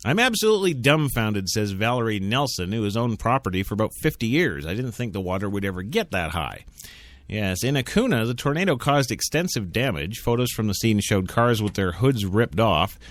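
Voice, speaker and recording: Lowish and sing-song, this American talk radio host reads the news fairly quickly with no echo. He peppers the stories with sarcastic asides and frequently laughs between lines.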